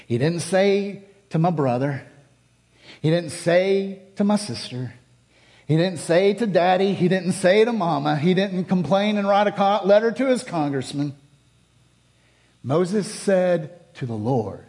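Male pastor, middle-aged, fairly high voice, earnest sermon storytelling that swings between fervent and hushed. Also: expressive, unhurried.

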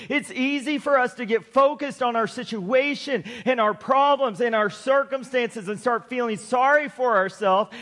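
A middle-aged man, a pastor, preaching a sermon, slowing down to stress his points and joking in chatty asides. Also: very high-pitched, a bit bright. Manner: preaching with slow emphatic build-ups, then chatty joking asides.

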